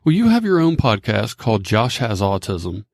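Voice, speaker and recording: A man's voice: on the low side, huge pitch swings, normal speed, creaky, a little mellow, dry recording, clean studio sound. A man hosting a podcast, asking his guest questions in a joking, upbeat way. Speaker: podcast host. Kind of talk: casual interview.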